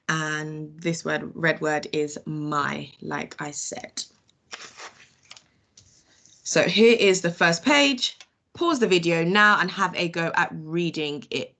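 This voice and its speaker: A British woman leads a children's phonics lesson, breaking words into single sounds before blending them. She speaks very slowly and deliberately, her voice a little low. She praises the listener often. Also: vocal fry, a bit bright. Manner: slow, sounds out letters one by one, praises often. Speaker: teacher.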